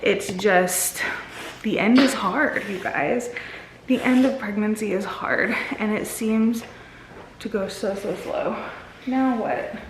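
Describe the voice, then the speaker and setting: A woman's voice: mid-range voice, slow pace, noisy background. A tired woman in her thirties chatting candidly to her viewers in a casual home vlog, rambling a little as she talks. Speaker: vlogger and mother. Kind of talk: casual chat to camera. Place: home, indoors on the stairs. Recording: roomy home recording.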